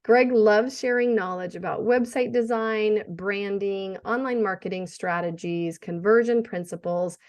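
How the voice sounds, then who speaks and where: A middle-aged woman hosting a podcast interview, upbeat and enthusiastic, affirming her guest. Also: medium pitch. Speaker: podcast host.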